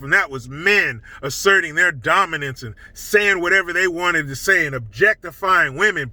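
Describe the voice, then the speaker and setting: A man's voice: high voice, pushed and bright, no echo, low-quality recording. A middle-aged man giving a blunt, scornful opinion monologue as a commentary vlogger.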